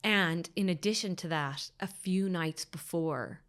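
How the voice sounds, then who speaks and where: Woman, podcast guest, low voice, recounting a loss with hushed, whispery stretches. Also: a little slow. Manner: drops to a hushed whisper at painful moments; acts out others' words in quotes. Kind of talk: emotional personal storytelling.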